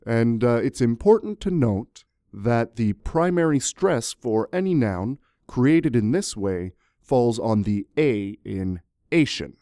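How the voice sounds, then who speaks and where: Playful, animated male English teacher. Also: medium pitch, slow pace, no room sound, clean studio sound. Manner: jokey, animated, talks to viewers. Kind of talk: playful scripted grammar lesson.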